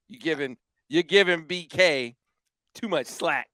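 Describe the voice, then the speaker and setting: A man hosting a sports podcast, talking in an animated, emphatic and exasperated way. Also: on the high side, normal speed, no room sound, studio quality. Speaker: podcast host. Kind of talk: casual sports podcast chat.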